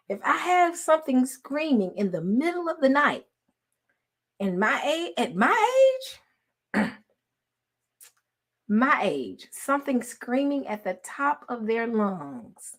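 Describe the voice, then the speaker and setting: A woman, telling a story in casual chat with her followers, laughing often and swinging from loud to hushed. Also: a little high, sing-song, slow, pauses often. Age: 40s. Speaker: online host talking to followers.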